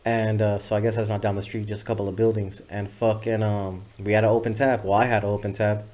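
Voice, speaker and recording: A man telling stories as a podcast guest, laid-back and rambling, swearing freely and filling pauses with "uh" and "you know what I'm saying". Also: fairly low pitch, little pitch movement, darkish tone. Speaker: music video director, podcast guest. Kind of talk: casual storytelling interview.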